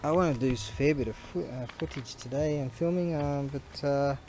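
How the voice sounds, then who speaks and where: A man's voice: mid-range voice, normal speed, noisy background. A man, chatting casually in a rambling, storytelling way for his vlog, recorded outdoors on a camera mic. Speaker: vlogger.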